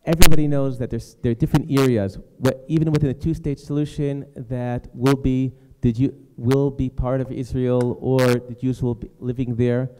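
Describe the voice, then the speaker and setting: A man on a panel giving a short, measured response, reasoning through his point with small restarts. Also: medium pitch, level tone, dark tone, smooth. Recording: noisy recording.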